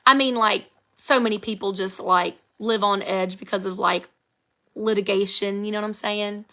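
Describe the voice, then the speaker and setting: This woman speaks at a moderate pace in a medium pitch with fairly even intonation, her voice pushed and bright. An American author in her thirties, she chats on a phone live video, giggling over viewer comments, her voice strained by an old injury.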